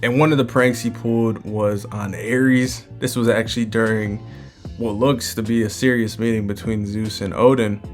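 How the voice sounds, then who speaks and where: A man giving a relaxed, casual recap of a manga chapter and chuckling as he retells its scenes. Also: lowish voice, moderate pace, faint music behind.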